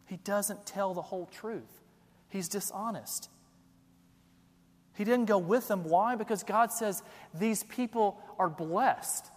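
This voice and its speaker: A man's voice: high voice, big-room sound. A man preaching a sermon, building emphasis and asking rhetorical questions. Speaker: pastor.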